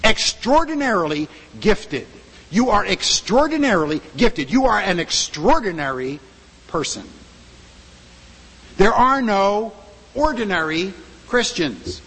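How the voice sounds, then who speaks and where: A man's voice: high voice, big pitch swings, takes it slowly, pauses often, a bit bright, husky, long reverb tail, low-quality recording. A male pastor preaching a sermon in a church, emphatic and full of rhetorical questions to the congregation.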